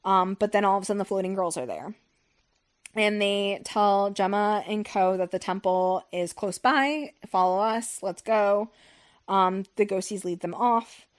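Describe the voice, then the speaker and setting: A woman's voice: mid-range voice, normal speed, clear, resonant tone. A young woman hosting a book podcast, recapping the story in a loose, profane, filler-heavy chat. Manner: rambling and profane, with many fillers like "like" and "um". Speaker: podcast host recapping a novel. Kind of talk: casual chat.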